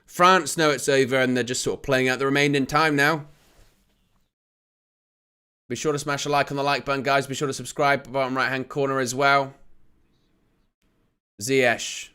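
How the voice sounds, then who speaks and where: A young man giving live football watch-along commentary as a channel host, calm between plays and rising to excited shouts at near misses. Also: mid-range voice, moderate pace, pauses often, smooth.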